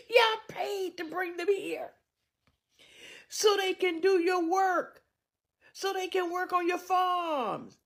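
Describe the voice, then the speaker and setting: A woman delivering an angry, mocking social media rant, profane and loud at times. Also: extremely high pitch, slow pace, creaky, pauses often.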